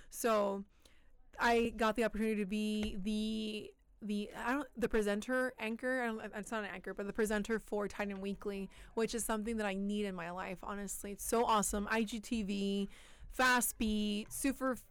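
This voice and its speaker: A woman's voice: medium pitch, clean tone, dry recording. A young woman with a Spanish accent, a student news anchor, chatting animatedly as an interview guest. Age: young adult. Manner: lively, chatty, animated quoting of herself. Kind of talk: casual interview chat.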